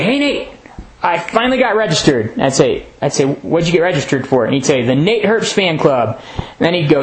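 Young male preacher with a slightly high voice, earnest and conversational, laughing now and then. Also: low-quality recording. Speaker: pastor at a men's retreat. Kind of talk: sermon talk.

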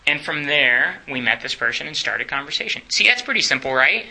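A man's voice: fairly high pitch, very animated, a little fast, gravelly, sharp tone, poor audio. A man teaching a church class in a chatty way, often asking the room questions and laughing.

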